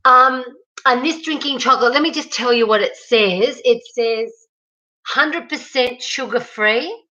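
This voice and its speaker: Speaking from her home kitchen, an Australian livestream host reads viewer comments aloud and says hello to people by name. The audio is dull, and her voice is fairly high with a sharp edge.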